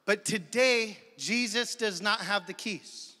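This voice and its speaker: A male pastor preaches a sermon with emphatic energy, calling out to his congregation in a church sanctuary, with long church hall reverb on the recording. His voice is high and sharp, and he speaks slowly.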